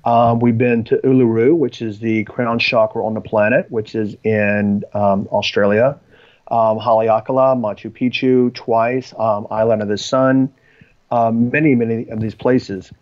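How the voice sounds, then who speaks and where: In a measured, flat delivery and mid-range voice, a male podcast guest tells rambling personal stories in conversation, often pausing on um and beginning again. The lo-fi recording is a little dull.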